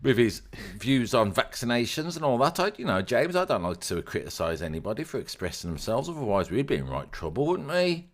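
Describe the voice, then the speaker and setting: A man's voice: medium pitch, big pitch swings, fairly quick, hardly any pauses. A man with a Birmingham accent co-hosting a podcast in casual, jokey chat, reading out listener comments. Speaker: podcast co-host.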